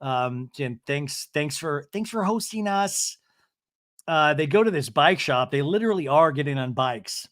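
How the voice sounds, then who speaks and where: A man's voice: on the high side, expressive, measured pace, a bit bright. A man hosting a podcast, rambling through a casual comedic recap of a reality show with lots of fillers and restarts. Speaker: podcast host.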